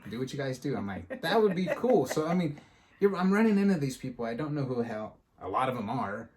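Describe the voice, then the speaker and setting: A man hosting a podcast, telling a story in casual chat and acting out the quotes with lively energy. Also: mid-range voice, fast talker, background noise. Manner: animated, acts out quotes in a storytelling style. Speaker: podcast host.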